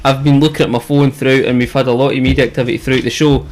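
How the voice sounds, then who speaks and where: A man's voice: mid-range voice, little pitch movement, rapid-fire. A man co-hosting a casual podcast, laid-back and agreeable. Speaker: podcast co-host.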